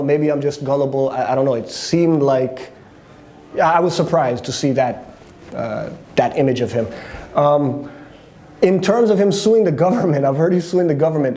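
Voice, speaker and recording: A man's voice: on the high side, mellow. A man hosting his own show, sharing his opinions in a candid, conversational monologue, thinking aloud and restarting his sentences. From Canada. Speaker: host.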